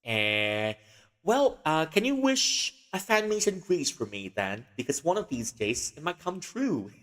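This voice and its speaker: Slow, giggly male livestreamer. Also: on the high side, sing-song, fairly bright tone. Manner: rambling, giggly, full of fillers. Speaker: livestream host. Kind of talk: casual livestream chat. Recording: long reverb.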